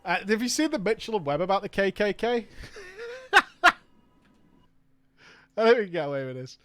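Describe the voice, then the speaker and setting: A man's voice: high voice, big pitch swings, moderate pace, bright, forceful tone. A man streaming a game, chatting casually, rambling and swearing as he searches for words. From United Kingdom. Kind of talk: casual chat while gaming.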